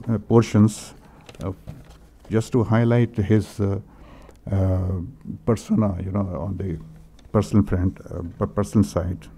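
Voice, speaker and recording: An older man with an Indian English accent reads out condolence messages at a memorial gathering. His voice is low and mellow, and he hesitates often, clearing his throat between lines. He sounds moved. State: emotional, voice breaking. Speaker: memorial meeting speaker. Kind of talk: halting tribute reading.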